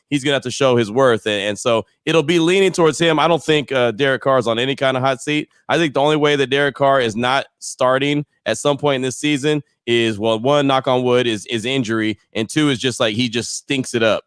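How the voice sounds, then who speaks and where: A man's voice: medium pitch, a bit bright, smooth, no room sound, clean studio sound. A man co-hosting a sports radio show, opinionated and punchy, summing up his points with catchy lines. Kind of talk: casual sports radio chat.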